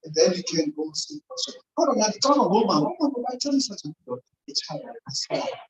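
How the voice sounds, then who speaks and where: A woman's voice: mid-range voice, sing-song, fast. A woman holds an informal, sermon-style talk, regularly checking in with the congregation. She sounds distant from the microphone in a reverberant church, with a slightly muffled recording and a faint background hiss. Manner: chatty, keeps quizzing the congregation. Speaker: church speaker. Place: church hall.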